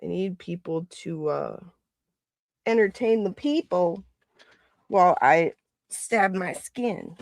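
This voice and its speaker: Woman, livestream host, unhurried chatty talk, lots of laughing, lively up-and-down pitch, dry close sound. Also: gravelly, no room sound. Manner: chatty, laughs often, greets viewers by name. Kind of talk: casual livestream chat.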